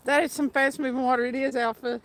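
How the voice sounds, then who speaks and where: A woman's voice: high voice, flat delivery, fast talker, fairly bright tone, slight background noise. A woman hosting a fishing livestream outdoors by a stream, chatting casually, laughing often and reading out viewer names. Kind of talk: casual live-stream chat. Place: outdoors by a fast trout stream.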